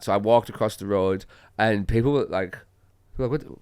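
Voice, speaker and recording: A man's voice: on the low side, brisk, clear, resonant tone, dry recording. Young Australian man, dry studio sound. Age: young adult. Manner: swearing, animated storytelling with laughs. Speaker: podcast guest, comedian. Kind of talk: casual chat.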